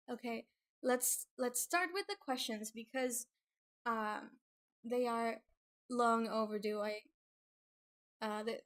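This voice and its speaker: A young woman talks through a casual livestream, nervous and prone to giggling, stumbling through fillers and restarts. Her voice sits a little high, and she takes her time between thoughts. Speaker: webcomic creator streaming.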